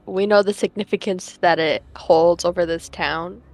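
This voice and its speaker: A woman's voice: on the low side, steady tone, moderate pace, a little mellow, no echo. A woman playing a tabletop game, speaking earnestly in character and reasoning things out. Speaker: player.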